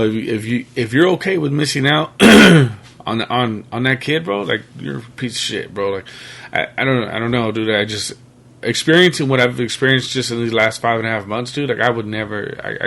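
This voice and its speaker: A young man talking loosely as a podcast guest, full of slang and fillers like "bro" and "dog." His voice sits at an ordinary middle pitch, and the talk is unscripted and easygoing. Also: creaky, a bit bright. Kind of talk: casual chat.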